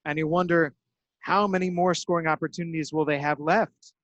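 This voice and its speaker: A man doing baseball play-by-play with crisp, measured delivery and dramatic emphasis on outs. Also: on the high side, fairly even intonation, fairly bright tone, dry recording, muffled recording. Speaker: play-by-play broadcaster. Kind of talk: radio-style baseball play-by-play.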